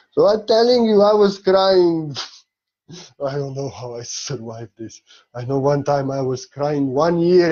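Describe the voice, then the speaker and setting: A man's voice: medium pitch, darkish tone, dull audio. Candid man giving a spiritual talk. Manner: candid and emotional, blunt with occasional swearing. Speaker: spiritual teacher.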